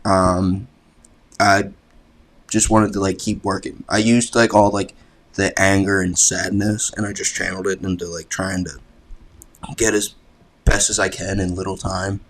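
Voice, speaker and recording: A young man, a college athlete, telling a personal story to a podcast host in a relaxed, rambling way, swearing freely and filling with "like". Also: deep voice, a little slow. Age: young adult. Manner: laid-back, rambling, swears freely, fills with "like". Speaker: podcast guest, college lacrosse player. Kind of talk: casual storytelling chat.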